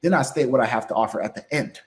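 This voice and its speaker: A man's voice: medium pitch, fast. Emphatic man coaching on sales. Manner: emphatic, keeps asking "right?", acts out phone calls. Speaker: sales closer guest. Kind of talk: motivational sales advice chat.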